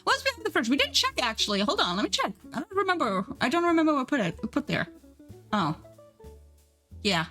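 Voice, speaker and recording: A bubbly young woman streams live, her voice high and bright, chatting along while she draws. She giggles easily and keeps up a stream of cheerful chatter with her viewers. Soft music plays faintly underneath. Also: very animated, fairly quick, pauses often. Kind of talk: casual live-stream chat while drawing.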